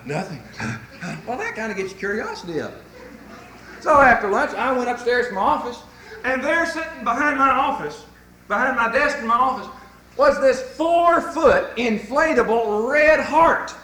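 A man with a high, bright voice preaches a sermon in a church auditorium, swooping up and down as he spins folksy stories. The room gives his voice a roomy echo. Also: moderate pace, slight background noise. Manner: folksy, animated storytelling.

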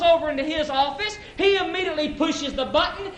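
A man's voice: very high voice, animated, fairly quick, hardly any pauses, a bit bright, echoey room, a little hiss or hum, low-quality recording. A man preaching a folksy, emphatic sermon at an evening church service, telling a story and acting out its characters.

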